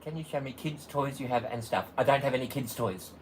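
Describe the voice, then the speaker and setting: A man's voice: mid-range voice, a little fast, slight background noise. A man hosting a casual livestream, greeting viewers one by one and laughing often as he chats. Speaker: livestream host.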